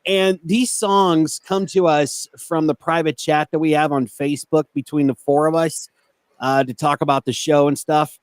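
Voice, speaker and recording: Laughing wrestling podcast host. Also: male voice, a little high, steady tone, normal speed, no echo. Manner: laughs often, stammers on restarts. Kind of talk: casual chat and news reading.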